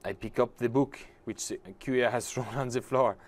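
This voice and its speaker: A man talking casually over a game, tossing in wry, profane asides. His voice sits in an ordinary middle pitch, and faint music runs quietly underneath. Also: steady tone, normal speed. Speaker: let's-play host.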